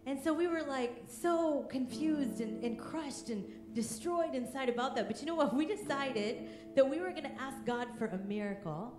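A woman's voice: high-pitched, animated, moderate pace, roomy sound, over music. A woman in her thirties preaching a sermon as pastor, emphatic and fervent, often raising her voice.

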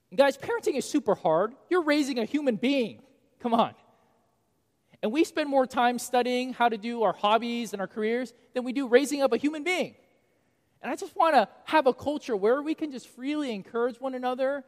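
Animated male pastor in echoing hall. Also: very high voice. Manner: animated, shifting from loud to quiet for emphasis. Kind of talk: sermon. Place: church sanctuary. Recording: long reverb of a church hall.

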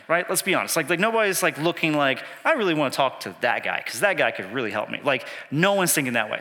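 Bright-voiced man preaching in a reverberant hall. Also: medium pitch. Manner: casual, chatty, self-deprecating, many "like" fillers. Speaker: pastor. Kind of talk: sermon storytelling. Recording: long reverb from a church hall.

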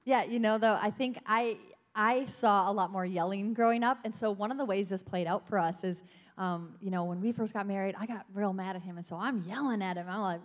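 A middle-aged woman sharing personal stories from her marriage during a sermon, dropping softly at the ends of lines. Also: mid-range voice, brisk. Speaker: pastor's wife, co-speaker. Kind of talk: sermon testimony.

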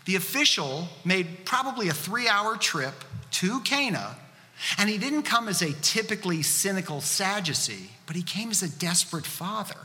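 Guy pastor preaching, kinda high and bouncy voice, big echoey hall. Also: sing-song, moderate pace, sharp tone. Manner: earnest, conversational preaching with rhetorical questions. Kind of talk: sermon. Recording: reverberant hall.

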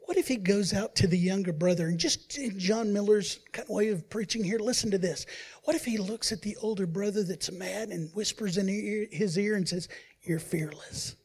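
A man preaching as a pastor, who swings between loud emphasis and quiet, hushed asides and acts out the voices he quotes. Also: high-pitched, a little fast, slightly rough. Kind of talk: sermon.

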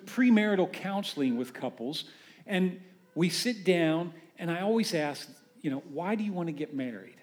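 A man preaching a conversational sermon as a pastor, animated and full of rhetorical questions. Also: high voice.

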